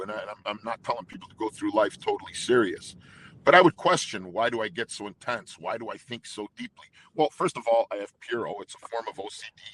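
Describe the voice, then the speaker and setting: A man's voice: mid-range voice, fairly bright tone, breathy edge, rough recording. A middle-aged man, a singer being interviewed, telling stories intensely with many restarts. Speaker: guest singer. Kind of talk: casual interview talk.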